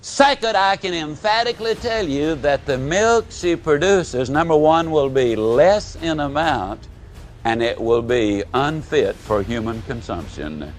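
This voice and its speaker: A man giving a live motivational speech, telling folksy stories and swinging between booming and hushed delivery. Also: lively intonation, measured pace, slight background noise. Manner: folksy storytelling. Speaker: motivational speaker.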